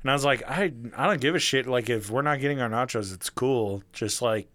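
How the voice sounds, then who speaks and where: A young man telling a story in casual chat, animated, swearing freely and acting out the people he quotes. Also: medium pitch, fairly quick, no echo.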